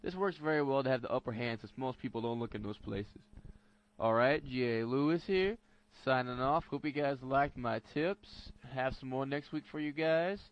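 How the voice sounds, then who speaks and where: A man's voice: mid-range voice, moderate pace, highs cut off. A man reading his weekly game tips segment for a podcast in a casual, upbeat way. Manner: casual gamer slang, upbeat sign-off. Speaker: podcast staff contributor.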